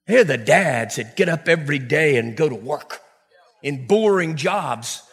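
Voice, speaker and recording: A man's voice: on the high side, lively intonation, unhurried, fairly bright tone, slightly rough, long reverb tail. A middle-aged man preaching a sermon to a congregation, telling stories animatedly with acted-out quotes and laughter. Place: church hall before a congregation.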